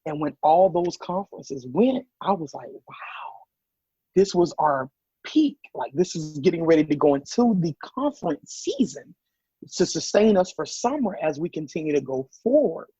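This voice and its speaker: Southern man in his guest seat, husky and pitched a bit high, tells lively stories and acts out the voices in them. Dull, muffled podcast sound. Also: moderate pace, dry recording. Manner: animated storyteller acting out quoted voices. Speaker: podcast guest, business owner. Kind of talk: casual interview chat.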